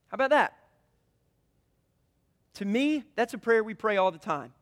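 A man's voice: high voice, animated, measured pace, long pauses, fairly bright tone. A man preaching a sermon in an earnest, conversational way, reading prayers aloud with feeling. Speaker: pastor.

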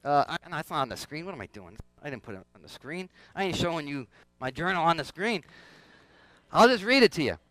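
A man's voice: fairly high pitch, big pitch swings, brisk, a bit bright, no echo. A man preaching a conversational sermon, often asking the congregation questions and repeating himself. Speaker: pastor.

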